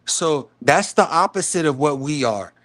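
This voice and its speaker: A middle-aged man from the South Bronx talks with a New York accent, his voice sitting a little high for a man. He tells stories in loose, casual chat and slips into the voices of the people he quotes. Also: normal speed. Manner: animated, acts out quoted street talk. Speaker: live stream host.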